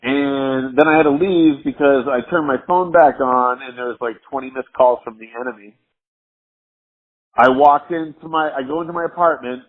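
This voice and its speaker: A man's voice: mid-range voice, moderate pace. A drunk man telling a rambling, profane story over the phone, laughing often. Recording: muffled phone line.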